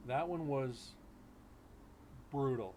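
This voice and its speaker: A man's voice: mid-range voice, very slow, darkish tone, slight background noise. Plain-voiced man joking on a stream. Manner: loose, joking, blunt and crude. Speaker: livestream host. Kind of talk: casual storytelling chat. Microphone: streaming setup mic.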